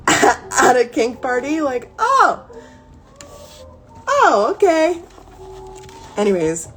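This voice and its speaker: A woman in her thirties talks casually on a live stream, blunt and candid, dropping swear words and drifting off topic. Soft ambient music plays faintly behind her. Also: medium pitch. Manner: candid, swearing, quick digressions with laughing asides. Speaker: creator reading a therapy workbook on a live stream.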